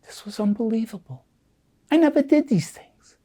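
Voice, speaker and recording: An older man from the United States tells his life story in an interview, his voice husky and a little worn. He tells it with feeling and acts out the voices of people he remembers, now hushed, now loud. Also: very high-pitched, lively intonation, normal speed. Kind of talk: emotional storytelling.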